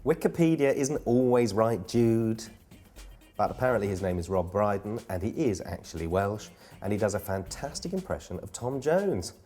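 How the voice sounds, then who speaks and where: Jokey low-voiced male host. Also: big pitch swings, moderate pace, dark tone, soft background music. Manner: playful, self-mocking, rambling asides. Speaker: host presenting a comedy gig guide. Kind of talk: jokey scripted presenting.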